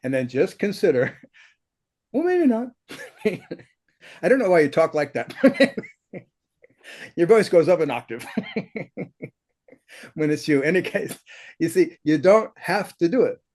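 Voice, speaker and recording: Blunt, animated man teaching, laughing often. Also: measured pace, long pauses. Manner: animated, laughs often, swoops up high when mimicking others; blunt, swears casually. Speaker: spiritual teacher. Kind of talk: conversational teaching in an interview.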